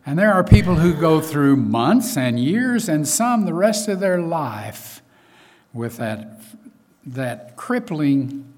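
A man's voice: on the high side, big pitch swings, slow, darkish tone. A man preaching a sermon in a conversational way, with frequent asides and fillers.

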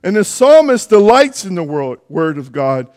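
A man's voice: sits high, big pitch swings, moderate pace, darkish tone. A man preaching a sermon in church, in a conversational way with asides and self-corrections.

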